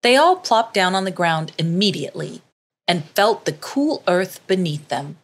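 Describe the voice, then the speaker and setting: A woman narrating a children's story in a slow, expressive reading voice. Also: fairly low pitch, breathy edge.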